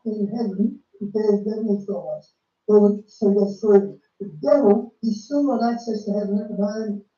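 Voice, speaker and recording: A man's voice: high voice, mellow. A man giving casual, emphatic religious commentary, repeating and restarting his phrases. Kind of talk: casual preaching commentary on a film. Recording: dull, lo-fi, roomy sound from a distant mic.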